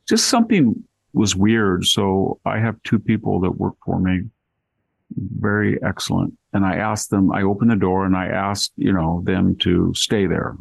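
An older man, a guest in a casual conversation, tells a rambling, wry story. His voice sits low and gravelly, and the sound is close and dry. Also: dry recording.

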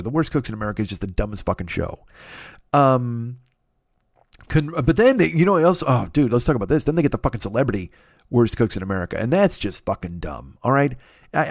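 A man's voice: medium pitch, a little mellow, no room sound, clean studio sound. A man hosting a podcast, rambling through a profane, sarcastic comedy rant and slipping into silly voices. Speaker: podcast host.

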